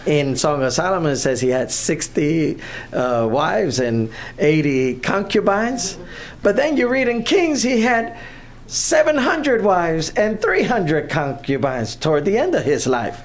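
A preacher gives a sermon as a story, unhurried and drawn out. The delivery is animated, with chuckles and voices for the characters. The tone sits in a middle register. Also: mid-range voice.

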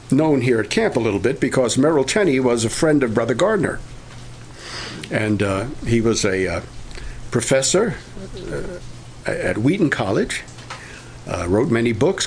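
An older man preaching a sermon, pausing often and restarting his sentences. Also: medium pitch, creaky, a little hiss or hum. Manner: halting, many filler pauses and restarts.

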